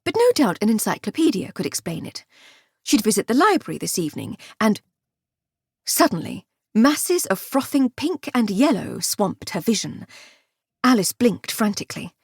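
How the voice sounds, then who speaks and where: Woman audiobook narrator, wry, expressive, lively pitch, dry close recording. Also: normal speed, creaky, husky, no room sound. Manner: expressive, wry comic storytelling. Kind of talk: scripted narration.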